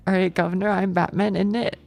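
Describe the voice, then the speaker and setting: A woman's voice: little pitch movement, extremely slow, vocal fry. A woman putting on a joking British-accented Batman impression with slang tags. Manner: goofy, lower-voiced bit with cockney slang.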